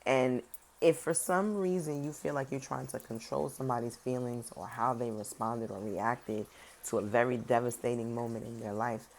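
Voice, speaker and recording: Very deep-voiced sassy woman reading tarot. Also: moderate pace. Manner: sassy, direct, talks straight to viewers; animated, swings between loud emphasis and soft serious tones. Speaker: tarot reader. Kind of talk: casual tarot reading to viewers.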